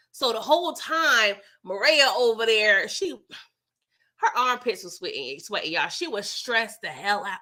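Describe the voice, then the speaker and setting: A woman hosting a casual TV episode recap, talking in an animated, slangy way and joking with her live chat. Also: medium pitch, a little slow. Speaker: TV recap host.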